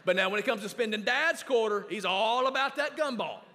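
A man's voice: high-pitched, fairly quick, pushed and bright. A man preaching a sermon as pastor, emphatic and instructive, in a church with echoey hall reverb. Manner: emphatic, instructing the congregation to underline verses.

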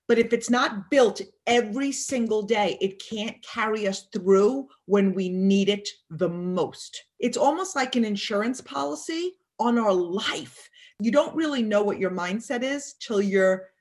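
A woman's voice: medium pitch, unhurried. A woman as an interview guest, talking emphatically about mindset and acting out people's thoughts in quotes. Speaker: guest speaker. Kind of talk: motivational interview talk.

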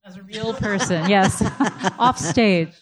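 A woman moderating a panel discussion, asking questions in a measured, polite way. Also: medium pitch.

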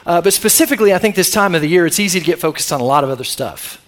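High-voiced pastor preaching to a congregation. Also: male voice, expressive, rapid-fire. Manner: conversational, calls on the congregation for responses. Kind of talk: sermon.

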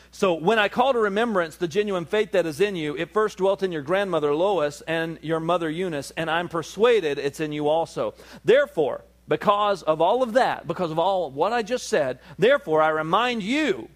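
A man preaching a sermon as a pastor, rising in pitch and force on emphatic calls and slowing down to explain scripture.

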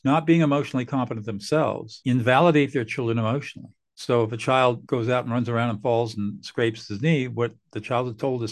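An older man, a mediator guest on a podcast, explaining earnestly and acting out what parents and bosses say. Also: mid-range voice. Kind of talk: podcast interview.

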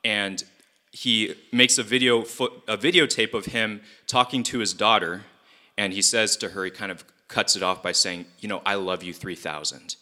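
A man preaching a casual, animated sermon to a youth group, often asking the audience questions. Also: on the low side, normal speed.

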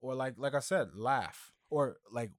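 A man's voice: mid-range voice, unhurried, no echo, studio quality. A man co-hosting a podcast, telling laid-back stories in casual chat. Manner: storytelling, laid-back, mimics others. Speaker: podcast co-host.

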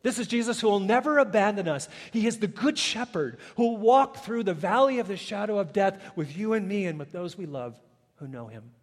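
A man preaching a sermon as a pastor, swinging between loud emphatic peaks and hushed, quiet passages. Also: sits high, expressive, a little fast, long reverb tail. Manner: dynamic preaching, swelling loud then dropping soft.

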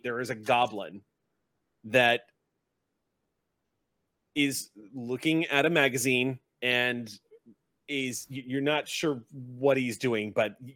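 A man as game master, narrating scenes vividly in a relaxed way with crude humor. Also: mid-range voice.

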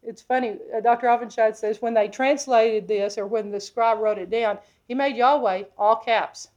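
A woman preacher teaching a sermon from the Bible, emphatic, often asking her listeners questions and moving between loud and hushed delivery. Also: a little high, fairly even intonation, moderate pace, muffled recording. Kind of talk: expository sermon.

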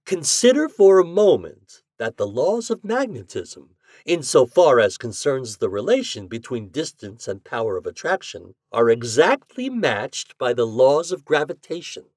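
A man reading an audiobook voices a cheerful, eccentric scientist who lectures with drawn-out emphatic stresses. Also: medium pitch, big pitch swings, darkish tone, no echo, studio quality, voice pushed up. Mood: lecturing. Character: eccentric male scientist, cheerful self-declared mad genius.

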